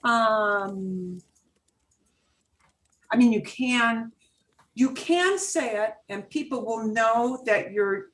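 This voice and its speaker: A woman teaching a beginners' Spanish class over a video call, explaining patiently and repeating phrases. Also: mid-range voice.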